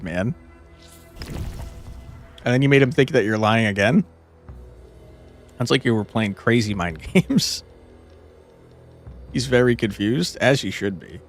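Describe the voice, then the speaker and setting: A young man streaming a card game, talking to his chat between moves, swearing and venting at tough fights. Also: fairly low pitch. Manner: swears a lot, frustrated outbursts and laughs; chats with viewers between moves. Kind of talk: live gameplay commentary.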